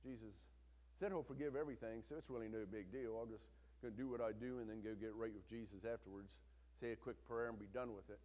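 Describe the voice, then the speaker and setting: A man preaching a sermon, swinging between loud, intense retelling and hushed, quiet emphasis. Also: lowish voice, steady tone, fast talker. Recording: long hall reverb.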